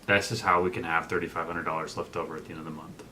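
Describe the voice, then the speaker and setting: A man's voice: low voice, little pitch movement, racing, sharp tone, a little hiss or hum. A young man co-hosting a casual personal finance vlog, talking in a laid-back way with joking asides. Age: young adult. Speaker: co-host. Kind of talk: casual chat.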